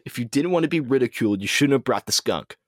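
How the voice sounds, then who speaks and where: A man's voice: medium pitch, expressive, fast talker, no room sound, studio quality. A man co-hosting a podcast, relaying movie news in casual chat, hesitant with lots of ums and restarts. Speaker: podcast co-host.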